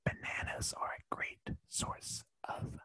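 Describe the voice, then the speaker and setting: A man voicing a mischievous male house cat, whispering deadpan non sequiturs in a whispered role-play. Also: takes it slowly, poor audio. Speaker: podcast co-host.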